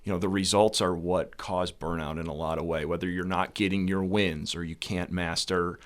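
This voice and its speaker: A man's voice: low voice, normal speed. A man in his thirties, a tennis coach, telling stories in a casual podcast chat, laughing often and acting out what people said. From Buffalo area, New York. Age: 30s. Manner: animated storyteller, laughs often, acts out quotes.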